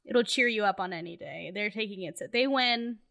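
A young adult woman co-hosting a podcast, chatting casually with playful, deadpan teasing. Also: medium pitch, a little fast, vocal fry. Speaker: podcast co-host. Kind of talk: casual chat.

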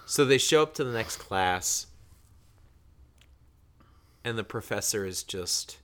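Man, low and unhurried, spinning a story in a chat among friends. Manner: slow, animated storytelling with quoted voices. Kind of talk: casual chat.

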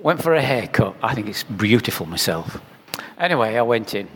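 A man's voice: lowish voice, sing-song, moderate pace, fairly bright tone, slightly rough. An older man preaching a sermon, shifting into chatty storytelling and repeating phrases for rhetorical effect. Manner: conversational storytelling with rhetorical repetition. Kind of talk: sermon with anecdotes. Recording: reverberant hall.

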